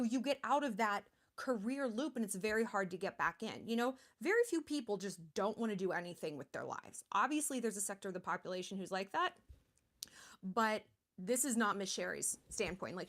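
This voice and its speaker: A woman in her thirties hosting a charity livestream, talking in a chatty, blunt way with lots of fillers. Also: mid-range voice. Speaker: livestream host. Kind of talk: casual livestream talk.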